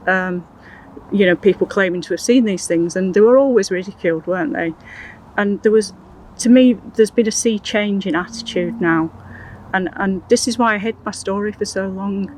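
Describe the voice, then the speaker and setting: An older woman recounting her personal experiences in an interview, in an earnest, halting way with many restarts. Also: mid-range voice, slight background noise, rough recording. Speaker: interview guest.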